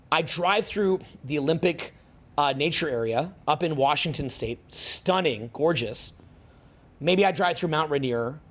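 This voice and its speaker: A man in his forties talks to a seminar crowd in a loose, rambling way, full of "like" and "you know" and frequent swearing. His voice sits a little higher than most men's. He gets animated and fires off questions as he goes. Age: 40s. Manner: rambling, profane, animated, filler-heavy. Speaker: seminar speaker. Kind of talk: casual seminar talk.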